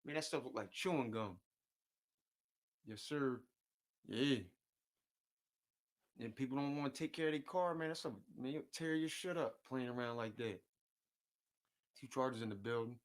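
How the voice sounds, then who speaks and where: A man chats casually in loose slang, with a voice of ordinary pitch. He repeats his words and jumps from one topic to another. He often chuckles between his sentences. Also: normal speed, pauses often. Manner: often chuckles while talking. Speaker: streamer chatting with viewers. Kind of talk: casual chat.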